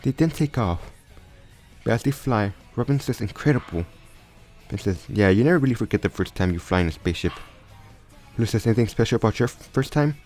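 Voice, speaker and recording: This storyteller is retelling a fan crossover story off the cuff, his mid-range voice brisk, a little mellow, and lively in intonation. He frequently trips over his words and starts sentences again, with faint background music underneath.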